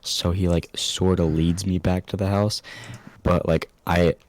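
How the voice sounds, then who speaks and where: Young guy with a super low voice, swearing and laughing through a story, dry close sound. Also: flat delivery, a little slow, darkish tone, no room sound. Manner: laughs often, swears a lot, jumps into high squeaky voices when quoting himself. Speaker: podcast co-host. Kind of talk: casual storytelling chat.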